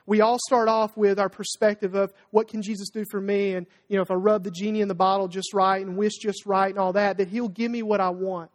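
A preacher delivering a sermon with emphasis, pausing to ask the listeners to finish his sentences. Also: mid-range voice, flat delivery. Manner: emphatic, rhetorical call-and-response questions. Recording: long hall reverb.

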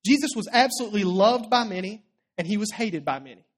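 A preacher giving a sermon in a conversational storytelling way, often checking in with the listeners and dropping low and quiet for quoted lines. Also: animated, fast.

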